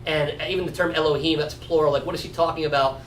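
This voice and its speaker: A man leads a casual Bible study, thinking aloud and often checking in with "right?". His voice sits high for a man. He is recorded from a distance in an echoey room with a faint hiss behind him. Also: fairly even intonation, quick pace. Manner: conversational, often adds 'right?'. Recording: roomy echo from a distant mic.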